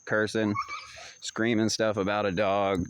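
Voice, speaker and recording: A man's voice: on the low side, level tone, unhurried, slight background noise. A man casually telling a story to the camera, rambling and repeating himself in loose, slangy talk. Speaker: vlogger. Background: dogs barking and distant fireworks.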